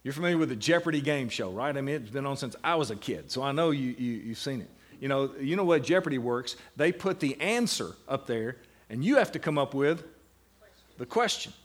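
A man's voice: mid-range voice, animated, fairly quick. A middle-aged man giving a classroom lecture on Bible meditation, putting questions to his students and answering them. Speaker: seminary lecturer.

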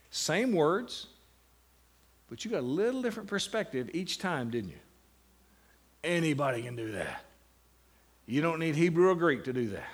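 A man teaching a class on meditating on the Bible, slowing down to stress single words and breaking into lively asides. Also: fairly high pitch, husky.

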